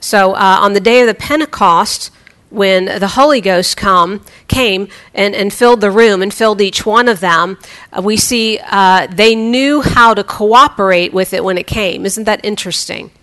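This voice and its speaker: A woman's voice: medium pitch, normal speed, fairly bright tone. A woman preacher giving a conversational sermon, chatty and humorous, often restarting her sentences.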